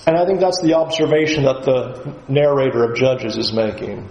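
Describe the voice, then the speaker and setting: A man's voice: medium pitch, moderate pace, darkish tone, reverberant, dull audio, a little hiss or hum. A man giving a Bible lesson in an emphatic way, often acting out the voices he quotes. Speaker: Bible teacher.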